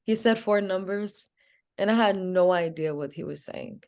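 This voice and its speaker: A woman's voice: mid-range voice, moderate pace. A young woman from Providence, Rhode Island, a podcast guest telling her story with lots of "like" fillers and acted-out dialogue. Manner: animated, acts out quoted dialogue, many "like" fillers. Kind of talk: storytelling in an interview.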